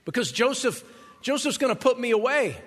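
A male pastor voicing an anxious young woman who rushes through worried questions, in a sermon. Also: very high-pitched, animated, a bit bright, heavily acted. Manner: worried, rapid string of questions. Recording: long hall reverb.

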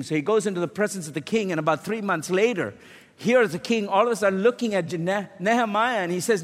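A man preaching a sermon, telling a story and rising into shouted emphasis. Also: high voice, quick pace. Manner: builds to shouted emphasis, storytelling with acted quotes. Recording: long hall reverb.

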